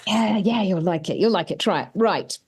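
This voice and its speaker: A woman's voice: mid-range voice, moderate pace, a little mellow, slightly rough. A woman co-hosting a podcast in casual chat, giggly and prone to wandering off on tangents. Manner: chatty, giggly, trails off into tangents. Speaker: podcast co-host.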